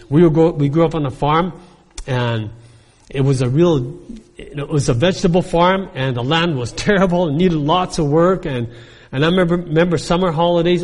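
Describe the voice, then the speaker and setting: A man preaching a sermon, his voice high and husky as he presses each point and calls out for an amen. His words ring with the long reverb of a large hall. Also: darkish tone. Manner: emphatic preaching, asks the congregation for amens. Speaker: pastor.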